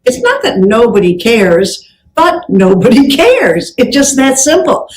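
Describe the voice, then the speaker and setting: A woman giving a lively presentation on customer service to an audience, telling anecdotes in an upbeat way. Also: fairly high pitch, unhurried, echoey room, poor audio.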